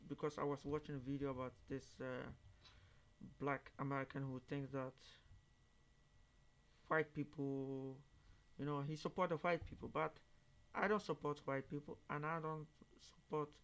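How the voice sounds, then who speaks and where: Man, reaction host; halting, word-searching English, turns emphatic. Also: fairly high pitch, steady tone, a bit bright. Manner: halting, searching for words, then emphatic and raised when quoting others. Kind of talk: casual monologue commentary.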